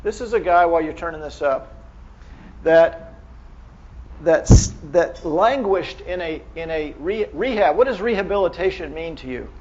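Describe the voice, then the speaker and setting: A man's voice: on the high side, lively intonation, moderate pace, a little mellow, highs cut off. A man giving a live lecture to clinicians, speaking casually and asking the audience rhetorical questions. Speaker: medical lecturer.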